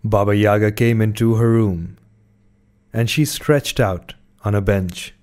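A man reading a fairy tale aloud as a storyteller, in slow, measured scripted narration. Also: lowish voice, fairly even intonation, darkish tone.

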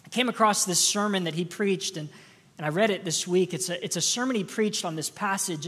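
A woman's voice: on the low side, brisk, a bit bright, breathy edge. A woman pastor preaching a sermon in a church, earnest, often repeating words as she builds a point. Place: church sanctuary. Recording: long reverb of a church hall.

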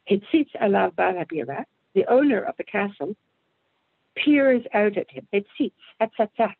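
A woman's voice: medium pitch, slightly rough, no room sound. A woman teaching a lecture on Jewish texts, thoughtful and probing, posing questions aloud and rephrasing as she goes. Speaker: Torah teacher. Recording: tinny phone-like line.

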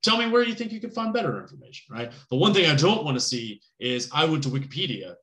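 A man's voice: on the high side, big pitch swings, quick pace, a bit bright. Chatty male instructor in an echoey room. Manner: casual, conversational, lots of fillers and "right?" checks; joking asides. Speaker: college instructor. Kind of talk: recorded class lecture.

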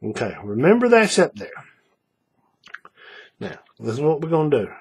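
A man's voice: a little high, big pitch swings, normal speed, gravelly, a little mellow, slightly rough. Folksy man talking through a craft demo. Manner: folksy, repeats steps, checks in with viewers. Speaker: paracord craft instructor. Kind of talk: hands-on tutorial narration.

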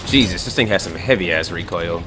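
A man's voice: sits low, fairly quick, over loud music. A young man swearing and trash talking as he comments on his own gameplay. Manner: excitable, swearing trash talk. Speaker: gamer.

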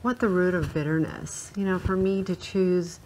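Woman panelist, lower voice, reflective and thoughtful on a Christian talk show. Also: fairly even intonation, moderate pace, a little mellow, a little hiss or hum, rough recording. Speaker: discussion panelist.

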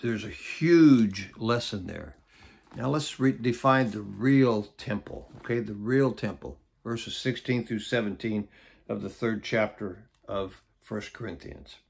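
A middle-aged man teaches a Bible study as a pastor, and his voice is a little husky and breathy. He drives points home with emphatic repeats and quick "okay?" check-ins to his listeners. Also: fairly low pitch, darkish tone.

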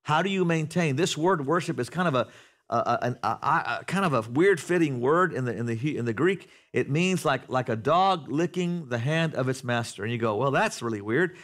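A pastor preaches a sermon before a congregation in a church sanctuary, speaking conversationally, asking the room questions and building to loud, animated passages. His voice is medium in pitch and his delivery brisk.

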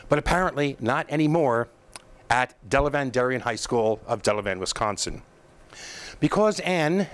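A man with a slightly high voice delivers a political commentary monologue as the show's host. He is emphatic and scornful, piling mockery on the people he criticizes. He often pauses and restarts his sentences.

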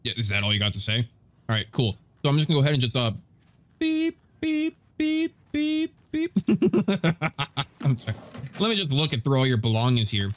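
A goofy gaming streamer, a man riffing over his game in a casual let's-play. His pitch swings widely as he jokes and stammers through asides. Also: lively intonation, quick pace, a bit bright.

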